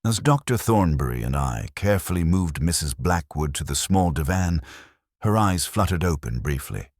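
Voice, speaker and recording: A man's voice: low-pitched, expressive, moderate pace, no room sound, studio quality. A man narrating a mystery story in a dramatic storytelling manner.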